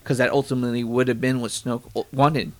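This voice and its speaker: A man's voice: mid-range voice, little pitch movement, fast. Dismissive man rambling in casual chat.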